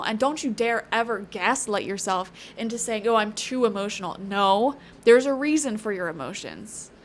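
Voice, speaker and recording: A woman's voice: on the high side, a bit bright, slight background noise. Chatty woman giving a tarot reading. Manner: chatty, emphatic, frequent "okay?" and "you know"; tangential, earnest pep talk. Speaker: tarot reader. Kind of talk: casual tarot reading to camera.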